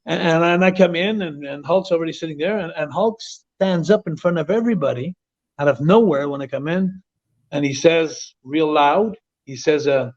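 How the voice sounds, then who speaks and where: A man from Quebec, telling animated stories as an interview guest, often repeating and restarting words. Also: a little high, normal speed. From Quebec, Canada. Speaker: interview guest, former wrestler. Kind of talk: casual storytelling interview. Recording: dull lo-fi audio.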